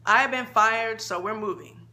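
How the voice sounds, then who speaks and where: A woman's voice: fairly high pitch, measured pace, pushed and bright. Woman reading as a blunt, worn-down mother. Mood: upset. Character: weary, hot-tempered struggling mother, adult woman. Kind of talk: dramatic reading of a short story.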